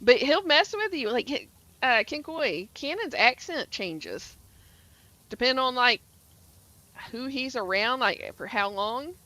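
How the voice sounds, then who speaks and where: Brief: Southern woman game streamer, bright and a bit high, rambling, chatty. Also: big pitch swings, slow, no room sound. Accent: Southern US (Georgia). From Atlanta area, Georgia, US. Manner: rambling, chatty, many fillers and restarts. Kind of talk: casual stream chat.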